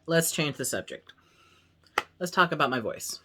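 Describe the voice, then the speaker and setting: A man's voice: a little high, animated, normal speed, noisy background. A young trans man in a casual vlog monologue, rambling and candid as he talks openly about his body. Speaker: vlogger.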